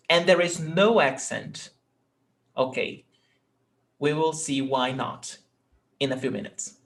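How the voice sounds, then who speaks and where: A man's voice: medium pitch, fairly bright tone. A man, teaching an online language lesson patiently, repeating words and checking in with "ok?". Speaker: Portuguese teacher.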